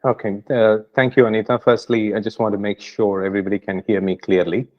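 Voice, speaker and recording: Low-voiced Indian man lecturing. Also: little pitch movement, fairly quick, lo-fi sound. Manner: hesitant, many fillers and restarts. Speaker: doctor giving a guest lecture. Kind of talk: online lecture.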